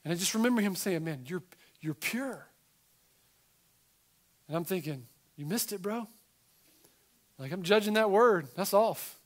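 This middle-aged man, a pastor, gives his sermon at moderate speed with lively emphasis. His voice is high for a man, and he stops now and then to make casual asides to the people before him.

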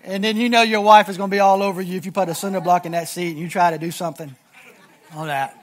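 A man's voice: high-pitched, steady tone, fast. A middle-aged man preaching a sermon in a conversational, humorous storytelling style to his congregation. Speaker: pastor.

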